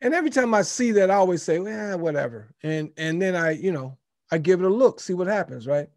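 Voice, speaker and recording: Upbeat southern host, highish voice, dry close sound, repeats himself, laughs a lot. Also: male voice, lively intonation, fast, a little mellow, no echo. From Memphis, Tennessee. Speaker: webinar host. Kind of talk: casual webinar talk. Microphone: video call.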